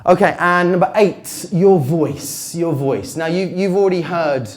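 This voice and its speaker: A man giving a conference talk on pitching, with a slightly worn voice, varying his pitch and dropping low with dramatic pauses. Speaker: pitch coach. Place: conference stage.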